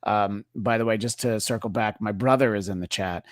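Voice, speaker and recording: A man's voice: on the low side, a little fast, no echo, studio quality. A man co-hosting a podcast in casual chat, rambling with lots of fillers and jokey asides. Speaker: podcast co-host.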